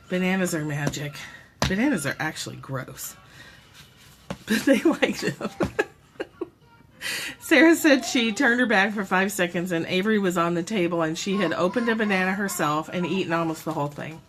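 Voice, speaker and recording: A woman's voice: fairly low pitch, lively intonation, moderate pace, pauses often, a little hiss or hum. A woman hosting a casual live stream from home, musing aloud, correcting herself and laughing easily. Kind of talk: casual reflective chat. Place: home room. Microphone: propped-up phone or camera.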